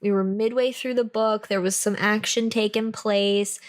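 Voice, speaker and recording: A woman's voice: mid-range voice, steady tone, moderate pace. A woman co-hosting an audiobook review podcast, chatting casually in playful, jokey banter. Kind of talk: casual chat.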